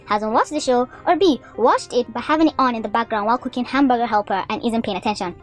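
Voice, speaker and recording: A woman voicing an earnest woman reading petitions and reviews aloud, in a brisk read-aloud delivery. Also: high voice.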